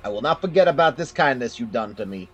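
A man's voice: medium pitch, expressive, quick pace, a bit bright, slightly rough, soft background music. A man playing a tabletop game in character, brash, profane and mock-outraged. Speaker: player.

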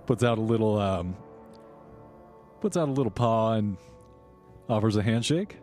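A man with a low voice runs a tabletop game, describing tunnels and mines in a relaxed, unhurried way. Faint music plays beneath his narration. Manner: descriptive, relaxed, with small restarts. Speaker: game master.

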